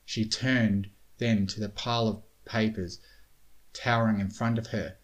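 A man reading a storybook tale aloud in a steady, measured way. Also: fairly low pitch. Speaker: reader. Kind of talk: storybook narration of fan fiction.

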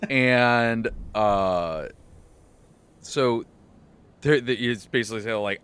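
A man hosting a podcast, recounting his tabletop game session as game master in a loose, animated way, with many restarts and bursts of laughter. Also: lowish voice, unhurried, clean tone. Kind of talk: casual recap of a tabletop game.

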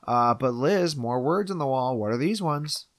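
A man's voice: mid-range voice, animated, moderate pace, no room sound. A man talks through a film with a co-host, retelling each scene and slipping into the characters' lines as he goes. His voice sits in a middle register. The sound is dry and close to the mic. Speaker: podcast co-host. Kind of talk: casual film recap chat.

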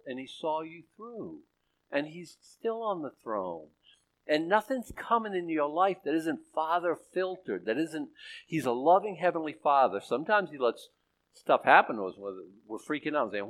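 A man preaching a sermon as pastor, swinging between loud urgency and hushed softness, often repeating and restarting phrases. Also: a little high, poor audio.

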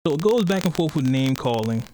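A man's voice: on the high side, expressive, brisk, mellow, rough recording. A man hosting a podcast in casual chat, rambling and cursing, often laughing as he retells things. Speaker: podcast host.

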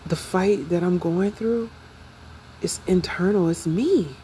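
A young adult woman speaking slowly and reflectively in an emotional, confessional personal vlog. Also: on the low side, mellow, slight background noise, low-quality recording. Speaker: vlogger.

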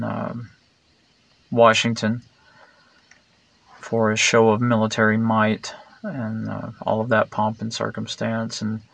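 Male vlogger, gravelly, dry close sound, rambling blunt monologue with fillers. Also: on the low side, bright, forceful tone, no room sound. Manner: meandering, digressive, many fillers and restarts; blunt and sarcastic.

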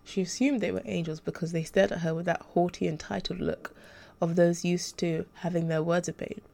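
A woman narrating an audiobook extract in a steady, measured reading style. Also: lowish voice, vocal fry.

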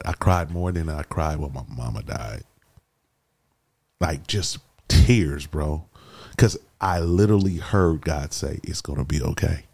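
Man, very deep voice, casual storyteller, animated, keeps saying bro. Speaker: guest sharing his life story. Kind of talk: emotional personal storytelling.

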